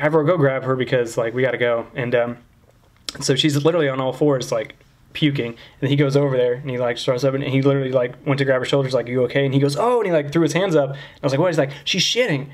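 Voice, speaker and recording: A young man rattles off a crude, animated anecdote at a fast clip. His pitch sits in an ordinary middle range. He slips into quoted voices as he goes. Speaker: podcast co-host. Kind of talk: casual storytelling chat.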